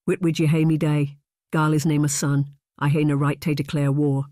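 A narrator doing a stern old Scottish chieftain. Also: male voice, a little high, completely flat delivery, normal speed, warm tone, no echo, studio quality, natural voice. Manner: stern, scolding. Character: weary, stern old Highland chieftain father.

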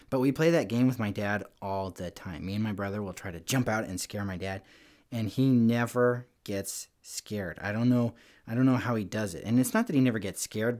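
A man's voice: lowish voice, a little mellow. A man hosting a children's segment, telling rambling stories in a chatty way with lots of "like" and "you know".

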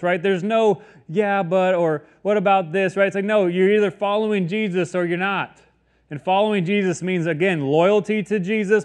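A man preaching a casual, conversational sermon, often slipping into quoted everyday voices. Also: on the high side. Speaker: pastor.

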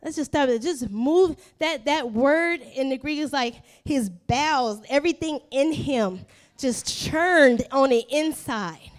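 A woman pastor preaches with a high, bright voice, animated and full of humor. She repeats phrases for emphasis and slips into playful voices of people in the story, keeping her listeners hooked. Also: measured pace. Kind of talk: sermon.

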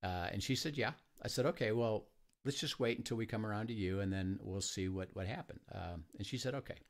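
A man who leads a ministry tells stories in a conversation, halting often with fillers and restarts and acting out the quoted dialogue. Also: fairly low pitch. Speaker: ministry leader. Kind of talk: conversational storytelling.

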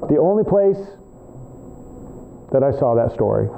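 A male professor lecturing a class in an animated, rambling way, trading remarks with students, in a tinny, phone-like recording. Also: mid-range voice, measured pace, vocal fry, crowd noise. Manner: animated, rambling, talks back and forth with students.

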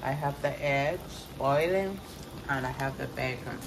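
Chatty woman, low voice. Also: measured pace, vocal fry, noisy background. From Kenya. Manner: chatty, rambling, repeats herself. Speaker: vlogger. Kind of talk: casual vlog chat. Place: home kitchen indoors. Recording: echoey room.

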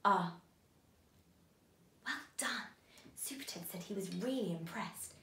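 A woman teaching a phonics lesson to young children, speaking in a slow, sing-song, encouraging way. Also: mid-range voice. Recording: roomy echo.

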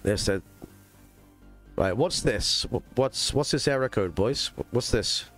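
A man's voice: mid-range voice, lively intonation, unhurried, a bit bright, faint music behind. A man with a mixed English and Scottish accent streaming a racing game live, chatting casually to his viewers with lots of fillers. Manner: chatty, rambling, talks to chat with fillers. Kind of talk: live gaming stream chat.

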